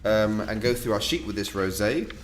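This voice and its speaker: A man co-hosting a relaxed online wine tasting, talking in a chatty, joking way. His fairly low voice swings up and down a lot, with a faint hum of background noise under him. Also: moderate pace, echoey room. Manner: chatty, jokey storyteller with lively delivery. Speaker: wine shop co-host.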